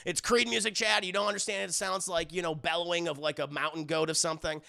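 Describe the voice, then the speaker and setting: A young man recapping a movie scene by scene to his live chat, excitable and profane, full of fillers. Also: on the high side, quick pace, vocal fry. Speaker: livestreaming film reviewer.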